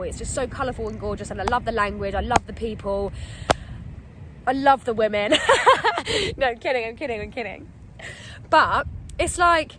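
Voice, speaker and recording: Animated, fast-talking young woman. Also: fairly high pitch, slight background noise. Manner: animated, acts out her own panic. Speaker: vlogger. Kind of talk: storytime vlog. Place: outdoors in wet weather. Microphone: phone camera.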